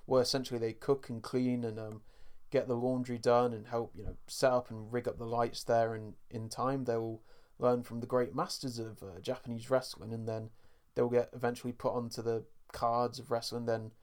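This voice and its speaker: Animated male podcast co-host. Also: medium pitch, moderate pace. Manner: animated storyteller, acts out scenes, addresses folks. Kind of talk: casual podcast episode recap.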